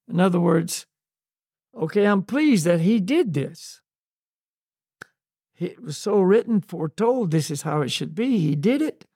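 A man in an unscripted spiritual discussion, talking slowly and searchingly with many restarts and "you know"s. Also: high voice, animated, mellow, dry recording, clean studio sound. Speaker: podcast co-host on spiritual topics.

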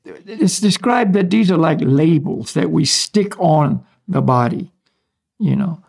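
High raspy guy, husky and creaky, easygoing teacher explaining stuff, chuckles a bit. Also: takes it slowly. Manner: relaxed, explanatory, chuckles between points. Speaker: spiritual teacher. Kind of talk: casual conversational teaching.

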